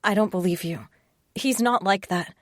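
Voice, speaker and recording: A woman voicing a kidnapped young heroine, sharp and defiant, in an audiobook. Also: mid-range voice, normal speed, no echo, studio quality, close to an everyday voice. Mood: pleading.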